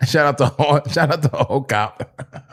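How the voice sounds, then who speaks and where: A man hosting a live crypto trading stream, excitable and casual, laughing often and bursting into shouts as he banters with his chat. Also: fairly high pitch, measured pace. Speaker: crypto trading livestream host. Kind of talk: hyped live trading commentary.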